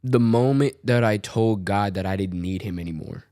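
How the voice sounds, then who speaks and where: A young man telling a story casually on a podcast, animated and quoting voices as he goes. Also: lowish voice, normal speed, no room sound, studio quality. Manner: animated, tells stories with quoted voices.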